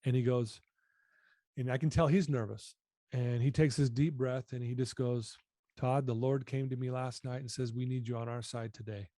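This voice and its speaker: An earnest man recounts his personal story as a podcast guest. His tone is mellow and dark, and he often sinks to a quieter register. The sound is dry and close. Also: mid-range voice, steady tone, normal speed, dry recording. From United States. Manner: earnest, reflective, often drops voice.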